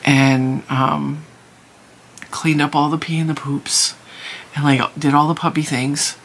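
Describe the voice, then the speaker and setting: A tired middle-aged woman who hosts a crochet channel chats casually to camera at home, rambling and restarting often, exhausted and teary. Her voice is deep with little pitch movement, her pace measured, and there's slight background noise.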